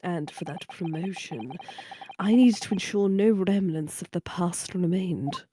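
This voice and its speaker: A woman's voice: lowish voice, a little slow, mellow, a little hiss or hum, natural voice. A woman voicing a cold, ambitious villain judge.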